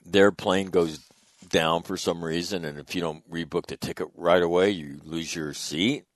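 Middle-aged male radio host, low voice, dry booth sound; wry, rambling storyteller. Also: fairly even intonation, normal speed, no echo. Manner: rambling, chatty anecdote with wry asides. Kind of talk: casual on-air storytelling.

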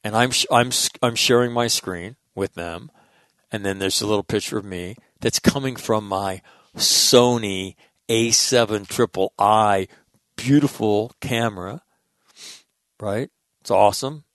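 A middle-aged man with a lowish voice tells stories in a loose, rambling monologue, restarting his sentences and swearing casually. The sound is close and dry, with no room echo. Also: a little slow, fairly bright tone.

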